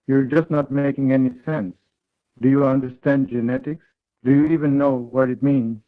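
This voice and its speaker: A man tells a third-person story in a flat, read-aloud delivery. His voice sits at a middle pitch. It comes through thin and tinny, like audio from an online call. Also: normal speed.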